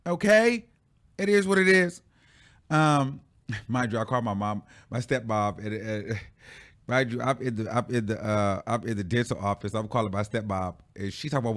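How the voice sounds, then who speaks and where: A man hosting a casual pop-culture commentary show, talking in an animated, sassy way, stretching out words for effect and laughing often. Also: mid-range voice, fairly quick.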